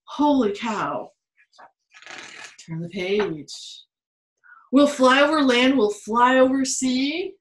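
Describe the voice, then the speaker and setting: An animated woman, quick to exclaim and laugh along with the pictures, reads a picture book to children and leads them in drawing; she's a storytime reader and art teacher at a children's museum. Her voice sits high. The phone or tablet camera recording has echoey room sound.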